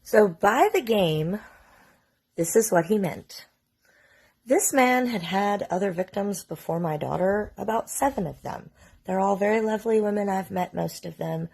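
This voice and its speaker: A woman's voice: mid-range voice, a little slow, creaky, a little mellow, husky. A woman in her forties, a mother, casually telling a long family story into her phone, chatty and full of "like". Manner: casual, chatty, sprinkles in "like" and mild swearing. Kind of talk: storytime vlog.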